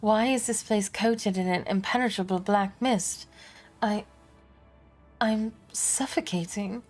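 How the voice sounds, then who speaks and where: A woman's voice: medium pitch, normal speed, faint music behind, voice pushed up, close to an everyday voice. Woman voicing a frightened young noblewoman. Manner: anxious, questioning, breathless. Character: shaken young noblewoman navigator. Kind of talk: reading game dialogue aloud.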